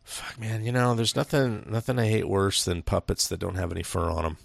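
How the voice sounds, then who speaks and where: A man's voice: sits low, fairly quick, vocal fry, no room sound. A man from Seattle co-hosting a podcast, talking casually with an emphatic, profane, opinionated manner. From Seattle, USA. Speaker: podcast co-host. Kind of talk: casual chat.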